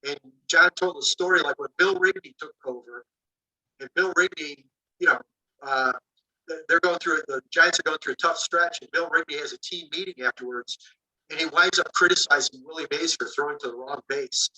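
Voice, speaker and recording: Bright, far-off man telling a story. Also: on the high side, moderate pace. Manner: animated anecdote-telling, acting out dialogue, many fillers. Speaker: author. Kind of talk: casual storytelling.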